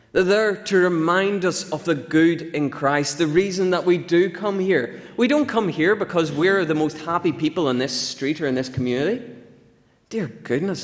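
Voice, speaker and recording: Earnest man leading church prayer. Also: on the high side. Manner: earnest, steady prayer phrasing. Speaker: preacher. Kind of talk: leading prayer and a sermon introduction. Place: church sanctuary. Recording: long church reverb.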